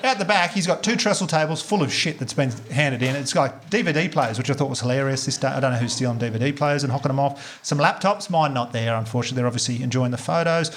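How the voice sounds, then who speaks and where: Fast-talking Australian stand-up comedian. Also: male voice, medium pitch, a bit bright, a little hiss or hum. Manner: fast storytelling with acted dialogue and swearing. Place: comedy club stage before a live audience.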